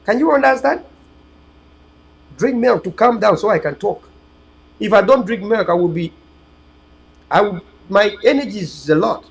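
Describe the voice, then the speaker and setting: High-voiced, preachy man. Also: expressive, moderate pace, vocal fry, long pauses, low-quality recording. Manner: emphatic, preachy, repetitive. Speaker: host of an online political channel. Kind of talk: rambling livestream monologue to viewers.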